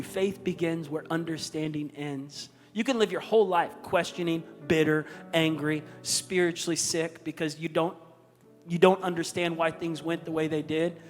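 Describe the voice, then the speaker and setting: A man's voice: on the high side, steady tone, normal speed. A male pastor telling a personal story in an earnest, raw, confessional sermon. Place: church auditorium stage. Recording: echoey hall with music underneath.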